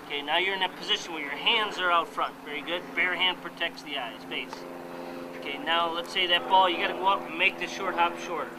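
A man's voice: fairly high pitch, brisk. Man coaching fielding outdoors. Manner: coaching players with hands-on instruction. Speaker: softball coach. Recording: noisy outdoor camera audio.

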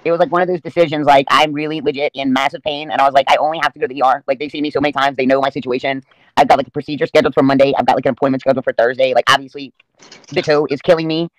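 A man's voice: mid-range voice, steady tone, racing, dry recording, poor audio. A man rambling through stories in casual livestream chat. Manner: rambling, chatty storyteller. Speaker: livestream guest.

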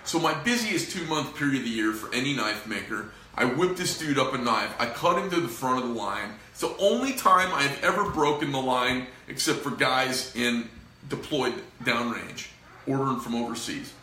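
A man's voice: medium pitch, lively intonation, normal speed, sharp tone, reverberant. A middle-aged man who runs a knife company, venting to camera in a rambling, profane, frustrated way.

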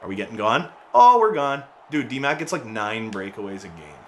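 A man calls out his own hockey video game play in a loose, excitable commentary style. His pitch swings widely, and his voice has a bright, forceful edge. There is a faint hiss of noise under it. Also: a little fast. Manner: excitable, mocking teammates, frequent laughs and shouts. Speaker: gaming YouTuber. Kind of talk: casual gameplay commentary.

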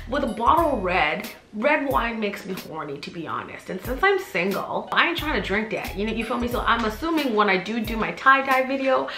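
A woman's voice: medium pitch, sharp tone. A woman in her twenties talking casually to her viewers, chatty and playful, repeating phrases for emphasis. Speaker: YouTuber. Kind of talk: casual vlog haul chat. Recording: roomy with faint background music.

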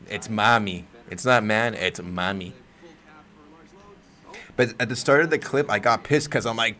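A man hosting a casual livestream, reacting to wrestling, swearing freely and breaking into loud yells. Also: fairly low pitch, normal speed. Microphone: desk microphone.

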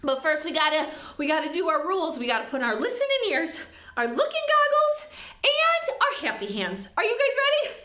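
Female kids' church host, very high and bright, sing-song and excited, roomy echo. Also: brisk. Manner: exaggerated, sing-song, excited, addressing small children. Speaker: children's church pastor. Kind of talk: lively preschool church host. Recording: echoey room.

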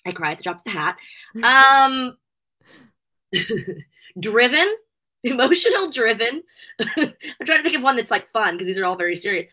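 In a relaxed interview, a middle-aged woman, herself a wrestling show host, speaks as the guest at a moderate pace with long pauses. Her slightly high, sharp voice is very animated, and she gushes emotionally, laughing a lot.

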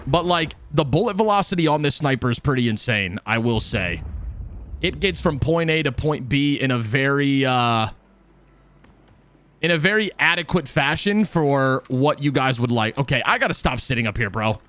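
A man giving casual, chatty gameplay commentary, excitable and self-mocking, breaking into yelps when things go wrong. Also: medium pitch, moderate pace. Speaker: gaming video creator.

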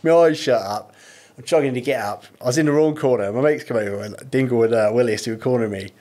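A man's voice: mid-range voice, fast, mellow. A man, a podcast guest, telling anecdotes in a laid-back way, swearing freely. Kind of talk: casual storytelling.

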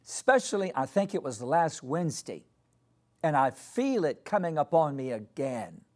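A male pastor preaching a sermon, deliberately repeating key phrases for emphasis and leading the congregation to repeat after him. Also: a little high, big pitch swings. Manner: leads the congregation in call-and-response.

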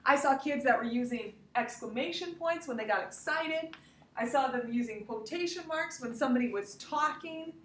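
A woman's voice: high voice, moderate pace, a bit bright, distant mic. A woman teacher giving a cheerful, encouraging grammar lesson to young children, speaking to them directly. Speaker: elementary school teacher. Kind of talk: recorded remote grammar lesson. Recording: echoey room, voice from off mic.

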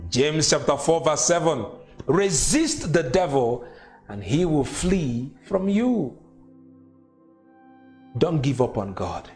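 A man whose first language is not English preaches a sermon, repeating phrases with emphatic, consoling delivery. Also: high-pitched.

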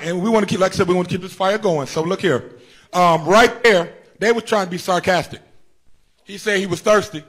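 A man preaching with a high-pitched, fervent voice. He repeats his phrases, calls out to the congregation, and sometimes lifts into a shout as he drives his sermon home. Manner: rises to shouts at times. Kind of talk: Good Friday sermon.

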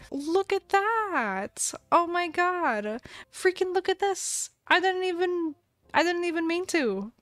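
Girl streamer gushing over her game, giggly and excitable, voice a bit on the high side. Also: no room sound. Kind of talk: live gameplay commentary.

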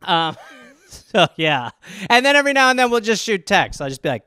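Man, solo comedy podcast host: high, animated voice, rambling and profane. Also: clear, resonant tone, no echo, clean studio sound. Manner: rambling, profane, animated storytelling with quick voice impressions. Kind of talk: casual solo comedic riffing.

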